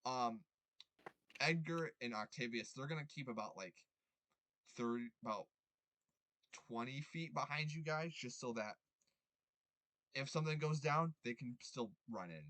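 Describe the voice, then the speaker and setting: A young man running a tabletop game as game master, rambling with many ums and quick apologies. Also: mid-range voice, bright, forceful tone, dry recording.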